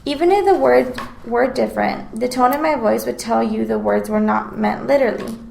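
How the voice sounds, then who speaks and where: A woman's voice: on the high side, moderate pace, creaky, darkish tone, roomy sound, slight background noise, poor audio. A woman student reading a prepared class presentation in an explanatory way. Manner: explanatory, reads prepared text.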